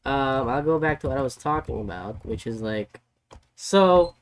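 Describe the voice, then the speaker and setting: A man streaming casually, recapping a story in an excitable, rambling way full of "like" and "you know". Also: mid-range voice, moderate pace, clean tone. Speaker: vtuber streamer. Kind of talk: casual chat.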